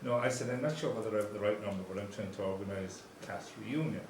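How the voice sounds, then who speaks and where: A man's voice: lowish voice, fast. A man, the reunion organiser, dryly retelling a phone call line by line. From Ireland. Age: 50s. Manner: dry, relays phone conversations line by line. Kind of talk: after-dinner storytelling. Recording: roomy hall, distant mic, background noise.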